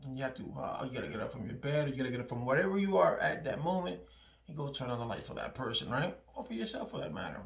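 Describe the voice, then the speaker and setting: A man's voice: mid-range voice, big pitch swings, quick pace, creaky. A man hosting his own channel, chatting casually through a product review, often checking in with "right?" and restarting his phrases. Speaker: channel host. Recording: echoey room.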